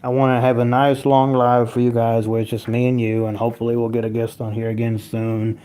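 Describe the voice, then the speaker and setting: A man's voice: medium pitch, level tone, brisk, dark tone, clean tone. A man hosting a casual livestream from home, talking loosely in a mid-range voice. He rambles between viewer comments, swears freely and laughs often. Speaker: livestream host.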